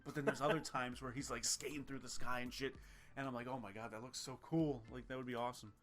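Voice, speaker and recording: A man's voice: mid-range voice, steady tone, quick pace, fairly bright tone, slight background noise. A young man co-hosting a film review podcast, talking casually and animatedly, swearing and mimicking characters from the films. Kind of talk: casual chat.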